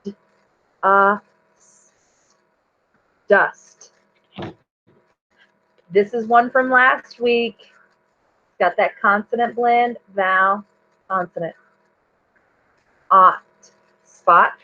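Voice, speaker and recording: A woman teacher leading an online reading lesson for young children, sounding out letters clearly and praising her readers. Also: medium pitch, extremely slow, long pauses. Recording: dull lo-fi recording.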